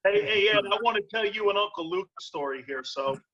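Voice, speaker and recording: A former football player telling animated, laughing stories in a casual group video chat. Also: male voice, high voice, brisk, dull audio.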